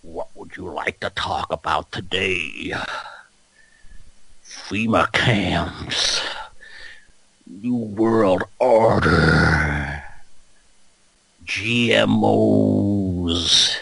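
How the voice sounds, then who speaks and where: A drowsy man voicing a blustering, paranoid male conspiracy radio host, drawn out slow and low with a gravelly edge. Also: a bit bright, no echo, exaggerated voice, rough recording. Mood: sultry.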